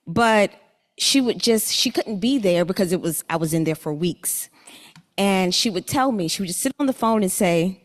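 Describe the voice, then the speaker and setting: Young woman, earnest conference speaker, halting personal story, long hall reverb. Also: medium pitch, lively intonation. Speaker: summit speaker.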